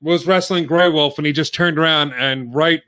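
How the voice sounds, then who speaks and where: Podcast host, male, bright higher voice, rambling casual delivery, slightly winded. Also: fairly even intonation, moderate pace. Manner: rambling, filler-heavy plugging. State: out of breath.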